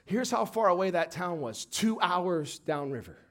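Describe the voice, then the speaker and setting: High-voiced animated male preacher. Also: moderate pace. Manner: animated, acts out scenes, swings from quiet to shouting. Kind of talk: sermon.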